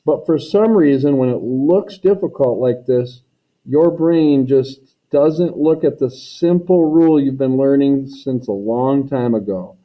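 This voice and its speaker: Folksy math teacher on a tinny recording. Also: male voice, mid-range voice, unhurried. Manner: folksy, repeats catchphrases, talks students through steps. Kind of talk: recorded classroom lesson.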